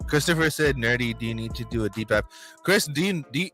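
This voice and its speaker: A man's voice: mid-range voice, animated, fast, a bit bright, faint music behind. A man in a casual live-stream chat, joking and reading out viewer comments.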